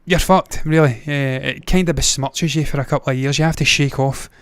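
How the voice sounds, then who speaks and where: A man's voice: medium pitch, steady tone, fairly quick, clear, resonant tone, dry recording. A man hosting a movie news livestream, giving blunt, opinionated takes with frequent swearing. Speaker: movie news show host. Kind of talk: casual livestream commentary.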